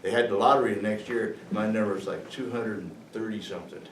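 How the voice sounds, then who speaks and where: A man in his sixties telling war stories to students in a rambling, halting way with chuckles. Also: lowish voice. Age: 60s. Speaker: veteran speaker. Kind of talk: storytelling to students. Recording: echoey room, distant mic, faint noise.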